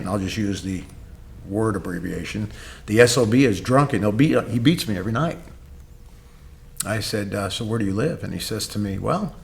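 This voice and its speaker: A man, a gym owner and coach, telling a long story in a podcast interview, acting out quoted dialogue with many pauses on "uh.". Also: lowish voice.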